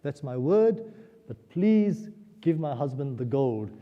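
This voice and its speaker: A man's voice: medium pitch, very animated, takes it slowly, in a large hall, dull audio. A man voicing a devoted young queen who pleads earnestly, within a retold scripture story. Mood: pleading.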